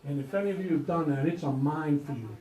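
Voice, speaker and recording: High-voiced man doing crude stand-up. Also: fast, dark tone. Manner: crude, rowdy storytelling with punchlines. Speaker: stand-up comedian. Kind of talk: stand-up comedy set. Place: comedy club stage before a live audience. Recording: echoey club with audience laughter.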